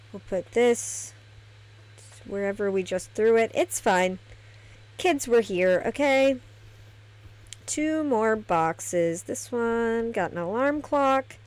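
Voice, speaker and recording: A woman's voice: fairly high pitch, a little mellow. A woman giving casual gameplay commentary, chatty and thinking aloud as she decorates a virtual house. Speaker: gameplay streamer.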